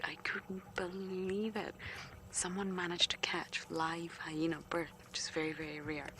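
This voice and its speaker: A woman's voice: low voice, vocal fry, a bit bright. A woman guiding a live safari broadcast outdoors, chatty and playful, often dropping to a whisper. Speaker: safari guide. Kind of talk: live game-drive commentary. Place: outdoors in the bush. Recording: faint outdoor noise on a live feed.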